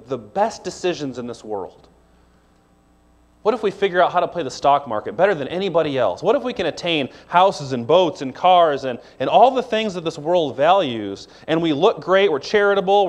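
A man preaching a sermon from the pulpit, his voice pitched on the higher side for a man. He talks in a relaxed, conversational way, speeding up through asides and slowing for emphasis. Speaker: pastor.

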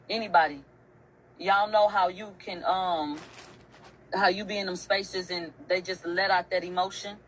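A woman's voice: mid-range voice, low-quality recording. A woman hosting an online show, telling a story in a casual, emphatic rant. She swears often and repeats phrases for effect.

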